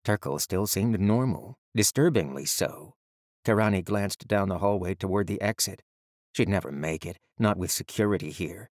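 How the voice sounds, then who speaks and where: A deep-voiced man narrating a fantasy audiobook in a measured, even storytelling manner. The recording is dry and close, with no room sound. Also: no room sound.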